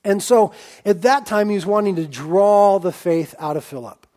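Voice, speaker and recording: A man's voice: sits high, normal speed, darkish tone. A man preaching a sermon, talking conversationally and acting out the quoted disciples.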